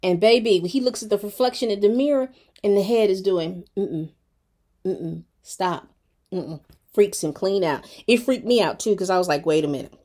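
A woman's voice: mid-range voice, fairly quick. Chatty woman retelling a TV episode. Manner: chatty, expressive storytelling with lots of fillers; colloquial, talks straight to viewers. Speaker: TV show reviewer. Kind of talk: casual recap of a TV episode.

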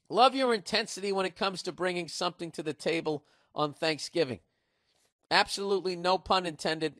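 A man's voice: high voice, a bit bright, no room sound, studio quality. A middle-aged man with a Boston accent, hosting a podcast and ranting sarcastically with lots of swearing. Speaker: podcast host. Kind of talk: casual comedic monologue.

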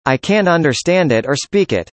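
Speaker reading practice dialogues, mid pitch. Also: lively intonation, normal speed, no echo. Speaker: dialogue reader. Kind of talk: scripted conversation practice.

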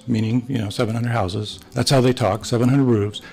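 The voice is mid-range, creaky and a little mellow, with fairly even intonation, a slightly quick pace and few pauses, caught on poor audio. An older man who served as a missionary priest, now retired, he tells Sunday school stories to a church class, meandering through anecdotes and playing out the dialogue in character.

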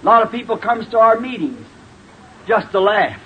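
High-voiced fervent man preaching. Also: very animated, normal speed. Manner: fervent, emphatic, bursts into shouts. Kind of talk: sermon. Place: church before a responding congregation. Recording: dull old tape with faint hiss.

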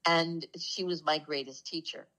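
Her voice low and her tone steady, a spiritual talk show co-host tells personal stories casually and earnestly, easing off and going soft when things turn emotional. Audio quality is poor.

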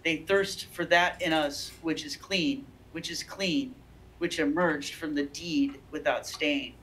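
A woman's voice: deep voice, steady tone, takes it slowly, fairly bright tone, a little hiss or hum, rough recording. A woman reading aloud the lines of a frantic, haunted man who is terrified of unseen horrors, voiced close to her own natural voice.

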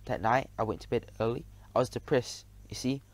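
A man narrating a children's audiobook in the first person, lively and expressive. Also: medium pitch, fairly quick, no echo.

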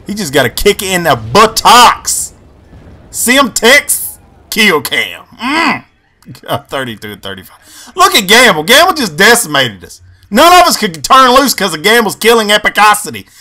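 A man with a high, very bright, edgy voice talks over his gameplay. His commentary is excitable, rambling and full of swearing, and his pitch swings widely from low mutters to sharp yelps. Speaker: gaming channel host.

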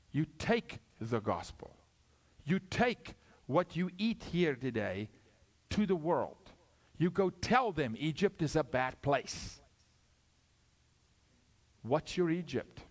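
A middle-aged male guest preacher with a fairly high voice that leaps up and drops low all the time. He preaches with drama, firing questions at the crowd and acting out little scenes. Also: sing-song, slow, long pauses. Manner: dramatic, swinging from loud calls to hushed asides; asks questions, acts out dialogue. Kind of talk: sermon.

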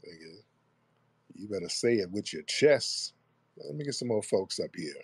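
A man hosting a live online audio room, taunting and talking down to a caller with slow, deliberate jabs. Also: lowish voice, lively intonation, husky, dry recording. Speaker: host. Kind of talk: confrontational live audio chat.

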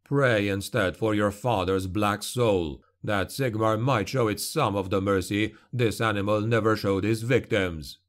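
Man doing a grim witch hunter, stern, menacing, slow cold delivery, audiobook. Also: on the low side, lightly acted. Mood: cold menace. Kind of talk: audiobook character voice.

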